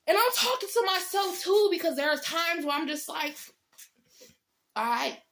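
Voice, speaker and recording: A woman's voice: extremely high pitch, expressive, normal speed, a bit bright. A young woman in a heated motivational rant, blunt and profane, hammering home each point by repeating it with growing force. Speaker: vlogger giving life advice.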